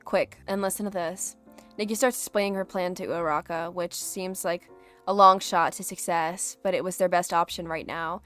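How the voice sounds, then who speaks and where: A woman reading fanfiction aloud, expressive, who stops now and then to react. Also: on the low side, moderate pace, clean tone, faint music behind. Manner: expressive, breaks off to react and laugh. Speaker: fanfiction reader.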